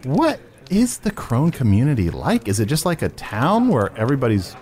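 A man's voice: mid-range voice, huge pitch swings, normal speed, darkish tone. A man hosting an improvised comedy chat, joking and often restarting his sentences. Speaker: host.

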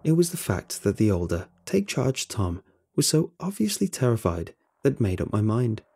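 A man reading a story aloud as its narrator, with an expressive, lively delivery. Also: medium pitch, moderate pace, gravelly, breathy edge.

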